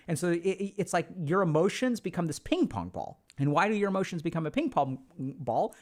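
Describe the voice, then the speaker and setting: A man giving a casual, animated talk on relationships, acting out quoted dialogue. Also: on the high side. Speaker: relationship educator.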